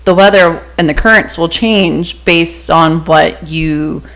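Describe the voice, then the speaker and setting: A woman co-hosting a casual podcast with a somewhat low voice. She is blunt and teasing and drops a swear word here and there. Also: steady tone, slow pace, a bit bright. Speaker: podcast co-host. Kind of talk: casual chat.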